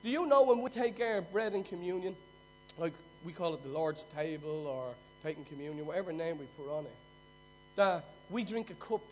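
A man delivers a sermon from the pulpit with a high-pitched voice. He presses his points with a repetitive, emphatic preaching cadence. Soft music plays faintly behind him. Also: animated, moderate pace, low-quality recording. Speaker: pastor.

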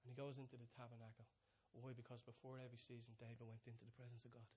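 A man preaching a sermon, telling stories with many restarts, dropping to hushed asides and rising to excited peaks. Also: medium pitch, rapid-fire, slight background noise. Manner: storytelling, swings from soft hushed asides to loud excited peaks.

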